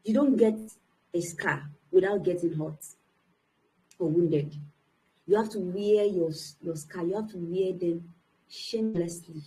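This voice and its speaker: A woman's voice: lowish voice, a little slow, pauses often, warm tone, poor audio. A young adult woman, a motivational speaker, giving an earnest, emphatic personal testimony to young people.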